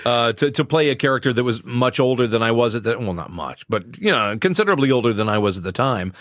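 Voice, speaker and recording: A man in his sixties, a voice actor, chatting in an interview in a relaxed, self-mocking way and laughing often. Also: medium pitch, fast, no echo, clean studio sound. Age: 60s.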